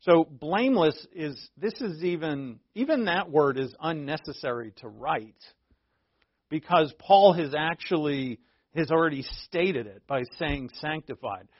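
A man preaching a sermon as a pastor, teaching conversationally with asides and self-corrections, and slowing down to stress key words. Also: fairly high pitch, expressive, no room sound. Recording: dull, lo-fi dry recording.

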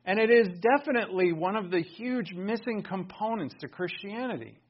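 A pastor preaching a sermon, emphatic and full of rhetorical questions. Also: male voice, high voice, lively intonation, normal speed, slightly rough, dull audio.

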